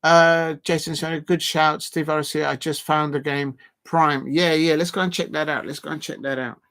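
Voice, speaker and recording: A man's voice: fairly high pitch, level tone, moderate pace, a bit bright. A man hosting a football watch-along stream, chatting casually, reading viewer comments and rambling with lots of fillers.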